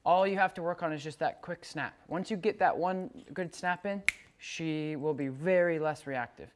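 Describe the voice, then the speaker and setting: A woman's voice: sits low, moderate pace, noisy background. A woman dog trainer teaching a client how to handle a dog on a leash, often restarting her sentences as she explains. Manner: coaching, repeats words and restarts sentences. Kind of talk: hands-on dog training instruction.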